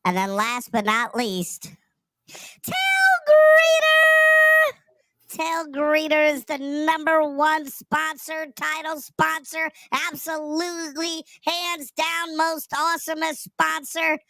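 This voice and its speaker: A man putting on the voice of a tiny, eerie old woman psychic medium, speaking slowly and theatrically as a comic character reading an ad. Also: very high-pitched, fairly even intonation, pushed and bright, no room sound, pitched above the performer's own voice, exaggerated voice. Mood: drawling eerie. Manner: slow, drawn-out, theatrical.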